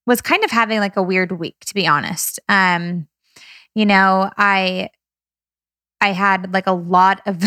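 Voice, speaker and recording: A woman's voice: medium pitch, a bit bright, no room sound, clean studio sound. A young woman vlogging as a business coach, candid and emotional, talking in a casual way with many fillers. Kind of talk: casual personal vlog.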